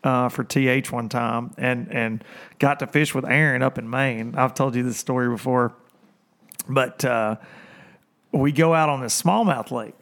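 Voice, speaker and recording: A man's voice: mid-range voice, a little slow. A man hosting a casual fishing talk show, telling stories with lots of laughter and putting on voices for the people he quotes. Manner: animated storyteller, laughs often, quotes others in voices. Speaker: podcast host. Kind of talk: casual storytelling chat.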